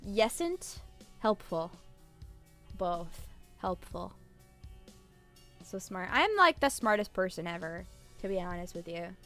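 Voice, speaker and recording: A woman's voice: mid-range voice, big pitch swings, moderate pace, a bit bright, soft background music. A woman streamer rambling in casual live-stream chat, irreverent and swearing freely.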